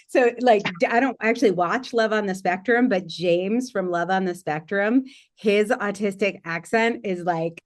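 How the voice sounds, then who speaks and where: A woman's voice: medium pitch, normal speed. Chatty American woman with many fillers. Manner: chatty, frequent "like" fillers, animated asides. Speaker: guest speaker. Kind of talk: casual panel discussion.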